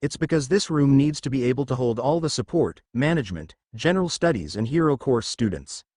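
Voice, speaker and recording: A man's voice: medium pitch, expressive, fairly quick, a little mellow, dry recording, studio quality, close to an everyday voice. A man doing a stiff, earnest schoolboy leader. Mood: formal earnest. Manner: stiff, formal and eager. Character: earnest, formal teenage boy class leader.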